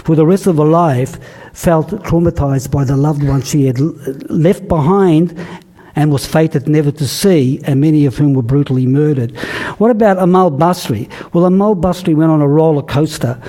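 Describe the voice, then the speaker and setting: Older man, lecture storyteller, halting delivery, slightly high, mellow voice. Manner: halting, many restarts and fillers. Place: lecture hall.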